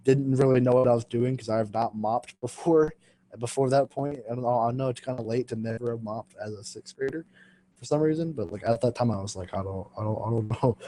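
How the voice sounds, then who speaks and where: A man's voice: medium pitch, dark tone, a little hiss or hum. A young man hosting a podcast, casually telling a school story with lots of fillers, swearing and laughter. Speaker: podcast host.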